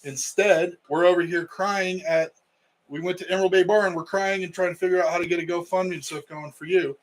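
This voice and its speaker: A man's voice: high voice, steady tone, a little fast, rough recording. A middle-aged man, a wrestling coach co-hosting a podcast, telling a story in casual chat and acting out the quotes.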